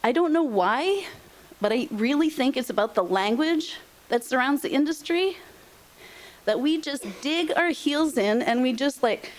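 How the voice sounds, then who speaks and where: A middle-aged woman gives a heartfelt motivational talk with a slightly high voice. She speaks emphatically, repeats her points for weight, and her emotion shows through. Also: lively intonation, measured pace. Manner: emphatic and repetitive, openly emotional. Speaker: presenter on aging and senior housing.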